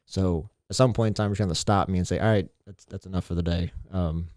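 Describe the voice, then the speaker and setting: A man's voice: low-pitched, fairly even intonation, fast, a little mellow, no room sound, studio quality. A man, a teacher and mentor, talking earnestly and reflectively in a casual interview, often repeating himself. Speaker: teacher and mentor, podcast guest.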